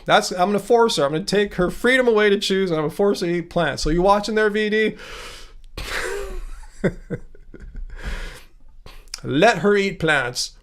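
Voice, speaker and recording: A man's voice: high voice, moderate pace, long pauses, clear, resonant tone. A middle-aged man hosting a casual livestream, reading out viewer comments and answering them in a joking, teasing way. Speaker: livestream host.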